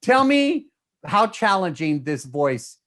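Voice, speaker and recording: A man's voice: sits high, very animated, slow pace, fairly bright tone. A man interviewing film talent at a press junket, effusive and enthusiastic.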